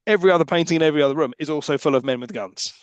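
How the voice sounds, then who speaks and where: A man's voice: fairly high pitch, rapid-fire, clear, resonant tone, no room sound, highs cut off. A man co-hosting a podcast, ranting sarcastically about a film and swearing a lot. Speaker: podcast co-host. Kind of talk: casual film-recap chat.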